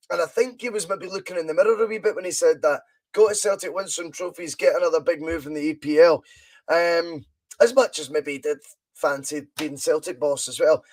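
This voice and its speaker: A Scottish man hosting a live football watch-along podcast, chatting in a rambling way and reading viewer comments aloud. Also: high voice. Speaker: podcast host.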